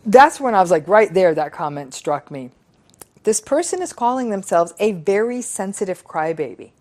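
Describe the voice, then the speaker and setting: A middle-aged woman psychologist reading out viewer comments and reflecting on them in an earnest, measured, emphatic way. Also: mid-range voice, big pitch swings, a little mellow. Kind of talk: reflective talk on relationships.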